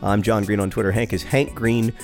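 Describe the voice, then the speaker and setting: A man's voice: lowish voice, steady tone, fairly quick, soft background music. A middle-aged man co-hosting a casual podcast, rambling and self-deprecating, with frequent fillers and restarts. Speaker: podcast co-host.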